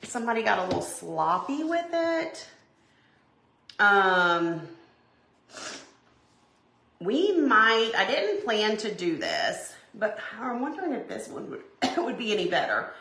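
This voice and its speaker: A woman hosting a home craft video, chatting and telling a story in an animated, exclaiming way as she works. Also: mid-range voice, takes it slowly, gravelly, pauses often. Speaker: DIY crafting host. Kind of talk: casual storytelling while crafting. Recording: roomy echo.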